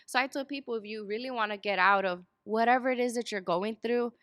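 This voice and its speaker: Bright-voiced woman telling her story. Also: on the high side, quick pace, no room sound, clean studio sound. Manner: storytelling, animated when acting out quotes. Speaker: guest. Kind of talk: casual interview chat.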